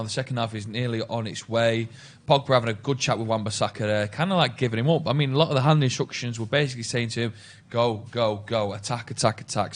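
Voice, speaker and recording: A man hosting a live football watchalong, casually leading the chat and reading viewer questions. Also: lowish voice. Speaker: host.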